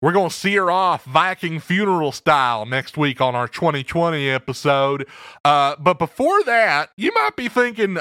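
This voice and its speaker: Man, show host, playful jokes, slightly high voice, dry close sound. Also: big pitch swings, moderate pace, bright, forceful tone, clean tone, no echo. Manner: playful and joking. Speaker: podcast host. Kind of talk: casual show chat.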